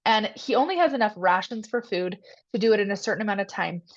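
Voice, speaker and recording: A woman on a team call tells an inspiring story to her group, full of "like" and "you guys". Her pitch sits at an average height, and the sound is a little dull and lo-fi. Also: fast. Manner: excited retelling with many "like"s and "you guys".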